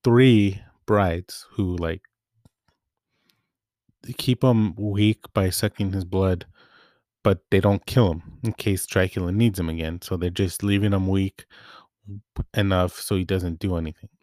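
A man's voice: low-pitched, measured pace, long pauses, dry recording, clean studio sound. A young man giving a casual, rambling movie recap, often correcting himself mid-sentence. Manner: rambling, self-correcting, relaxed. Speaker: movie vlogger.

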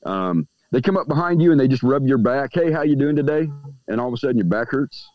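A man's voice: mid-range voice, sing-song, quick pace, no echo. A man talking as a guest in a casual podcast conversation about everyday magic, who smokes a cigar as he talks and acts out the people he quotes. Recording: dull, dry lo-fi audio.

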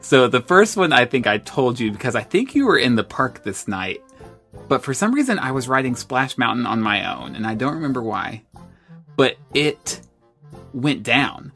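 An American man co-hosting a podcast, telling stories in an animated, self-deprecating way. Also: medium pitch, moderate pace, creaky, faint music behind. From United States. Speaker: podcast co-host. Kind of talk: casual storytelling chat.

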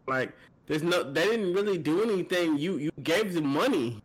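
A man co-hosting a podcast, rambling and halting as he talks. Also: on the high side, animated, low-quality recording. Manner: rambling, halting, swears a lot. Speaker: podcast co-host. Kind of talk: casual chat.

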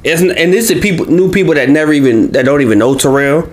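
A man's voice: fairly high pitch, lively intonation, fast talker. A man co-hosting a podcast in casual chat, laid-back and slangy, often repeating phrases. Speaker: podcast co-host.

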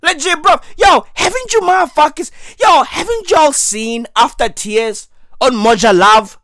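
Hoarse man ranting loudly. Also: extremely high pitch, dry recording, clean studio sound. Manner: loud, ranting, slangy, often shouting. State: losing his voice, hoarse. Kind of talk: comic rant monologue.

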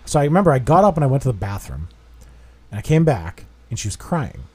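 A man in his thirties spins a long, rambling anecdote in casual banter with a friend. He talks in an animated, self-mocking way, with plenty of cursing and mid-range pitch. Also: fast talker, breathy edge. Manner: profane, self-deprecating, animated storytelling. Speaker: podcast co-host. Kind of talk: casual storytelling chat.

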